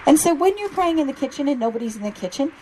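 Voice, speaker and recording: A middle-aged woman speaks to a room of parents in an animated, expressive way. She pitches her voice a little high and slips into playful voices for quotes, with faint background noise behind her. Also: fast talker, rough recording. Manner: lively, animated, acts out quotes in different voices. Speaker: speaker on children's faith. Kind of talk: conference talk to parents.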